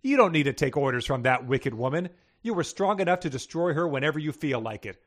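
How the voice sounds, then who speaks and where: A man's voice: on the high side, expressive, quick pace. A man voicing a sarcastic female black cat in a read-aloud story.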